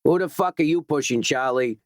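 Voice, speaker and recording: A burly, aggressive picket in a spoken story, sneering and swearing, put on by a male narrator. The voice sits slightly higher than the reading voice, and the sound is dry and close. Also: fairly even intonation, normal speed, no room sound, close to an everyday voice. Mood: belligerent.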